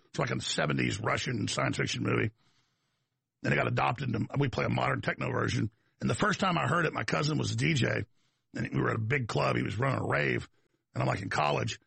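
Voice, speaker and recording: A man's voice: mid-range voice, fast, gravelly, fairly bright tone, husky, no echo. A middle-aged man with a Texan accent talking in a casual, rambling monologue, drifting into folksy asides and side stories. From Texas. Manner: digressive storyteller, folksy asides.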